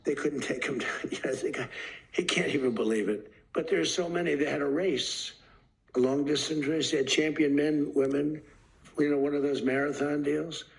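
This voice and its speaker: Gravelly man in a rambling speech. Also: on the high side, normal speed, rough recording. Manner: animated storyteller acting out quotes; repetitive, emphatic. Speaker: president giving a speech.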